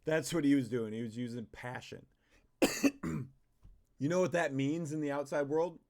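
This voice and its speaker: A man hosting a reaction video, joking around and swearing casually as he comments. His voice sits slightly above average, relaxed and conversational. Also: a little high, normal speed. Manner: joking, profane, laid-back.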